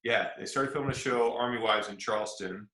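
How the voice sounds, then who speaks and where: Young male podcast guest from South Carolina, bright lower voice, lively storyteller, recorded in a roomy space. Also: fairly quick. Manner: animated storyteller acting out quotes. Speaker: guest actor. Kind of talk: casual storytelling interview. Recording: echoey room.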